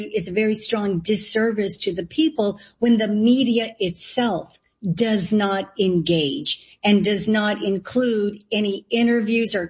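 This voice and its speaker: A woman running for lieutenant governor, answering interview questions in an emphatic way with sarcastic asides. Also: medium pitch. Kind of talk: political interview. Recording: dull lo-fi sound.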